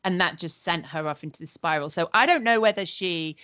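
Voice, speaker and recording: A woman's voice: fairly low pitch, brisk, a bit bright, no echo. Woman, casual co-host chat, blunt, sweary, muffled lo-fi recording. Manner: blunt and sweary, recaps with quoted asides. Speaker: podcast co-host.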